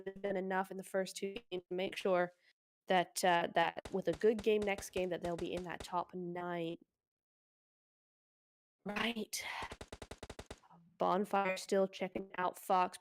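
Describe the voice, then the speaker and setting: A woman casting a mobile shooter tournament live, chatty and quick to exclaim at the action. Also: medium pitch, slight background noise. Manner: excitable, chatty, exclaims often. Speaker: esports caster. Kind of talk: live play-by-play commentary.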